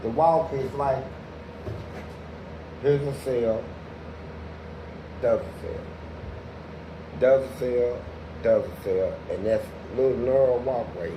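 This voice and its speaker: A man guesting on a podcast, telling profane prison stories in an animated way and jumping into loud acted-out quotes. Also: medium pitch, takes it slowly, long pauses. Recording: echoey room with background noise.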